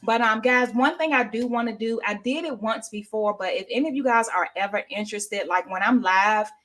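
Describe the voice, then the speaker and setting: A woman's voice: fairly high pitch, brisk, fairly bright tone. Rambling woman host on a livestream. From Washington, D.C. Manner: rambling, reads viewer comments aloud. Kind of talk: casual livestream chat.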